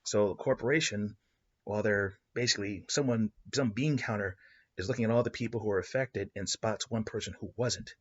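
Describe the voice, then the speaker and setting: Husky man telling a wild story. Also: fairly low pitch, a little fast. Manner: excitable, rambling, with restarts and laughs. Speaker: podcast host and storyteller. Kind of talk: improvised story narration. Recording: dull lo-fi recording.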